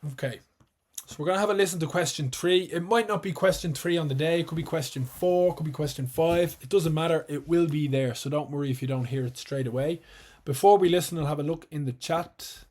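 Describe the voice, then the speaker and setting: A man with an Irish accent teaching a live online exam-prep lesson, explaining patiently and repeating words slowly and clearly. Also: a little high, darkish tone.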